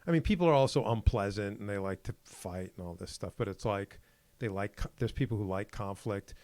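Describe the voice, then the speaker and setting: A man co-hosting a podcast, chatting casually and getting animated as he acts out conversations. His voice sits a little low. The sound is dry and close. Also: a little fast, no echo. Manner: animated storyteller who acts out quoted exchanges. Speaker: podcast co-host. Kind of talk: casual chat.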